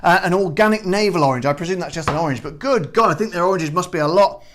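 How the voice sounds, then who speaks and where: High-voiced, excitable man reviewing gin. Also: quick pace, a little hiss or hum. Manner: exuberant, exclamatory, rambling with restarts. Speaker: gin reviewer, show host. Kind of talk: casual tasting review to camera.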